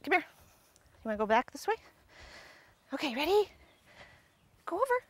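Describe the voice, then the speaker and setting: A woman's voice: high voice, very animated, normal speed. A woman working as a dog agility trainer outdoors, coaching and explaining as she works a dog, breaking into squealing praise and frequent laughter.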